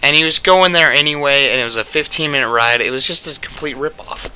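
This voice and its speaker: A man's voice: medium pitch, quick pace, sharp tone. A young man telling a casual storytime rant, rambling and profane, packed with "like" fillers.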